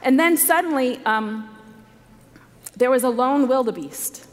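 A woman with a high, animated voice delivers an earnest sermon full of stories to a women's conference, speaking unhurriedly and repeating points for emphasis. She is in a large conference hall, captured in a live recording with long reverb.

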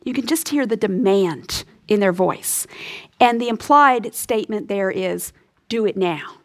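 A woman Bible teacher giving an earnest radio lesson, often dropping to a soft, breathy hush for emphasis, and closing in prayer. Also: mid-range voice, animated, a little slow.

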